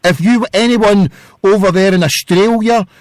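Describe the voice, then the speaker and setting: A man's voice: high voice, moderate pace, no echo, clean studio sound. Chatty Scottish man calling in. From Scotland. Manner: chatty, rambling and earnest. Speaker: caller. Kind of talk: radio phone-in call.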